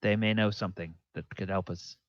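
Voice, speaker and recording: A man voicing an eager male adventuring companion who talks earnestly and quickly. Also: lowish voice, steady tone, no echo, dull audio, close to an everyday voice. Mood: urgent.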